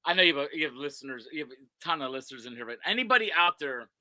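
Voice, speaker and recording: Man, brassy bright tone, dry close sound, rambling guest storyteller. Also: fairly high pitch, expressive, very fast, no echo. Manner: rambling storyteller, many restarts. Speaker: guest, sports website owner. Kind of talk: casual podcast chat. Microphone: video call.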